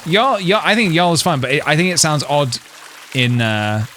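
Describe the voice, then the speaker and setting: An Englishman chats on a live stream and reads posts aloud, musing, trailing off, restarting, and laughing to himself. His voice sits on the high side, very animated and sharp, at normal speed, with a little hiss or hum in the recording.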